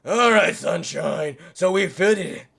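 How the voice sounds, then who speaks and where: A man's voice: high voice, animated, measured pace, creaky, fairly bright tone, a little hiss or hum, full character voice. A man voicing a brusque male police inspector in a put-on Scottish accent, giving clipped orders.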